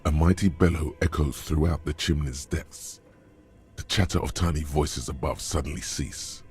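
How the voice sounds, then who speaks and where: A man voicing a solemn male narrator of the mind in a video game, speaking in a grave, measured, ominous way with a very deep, gravelly voice. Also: a little mellow, soft background music.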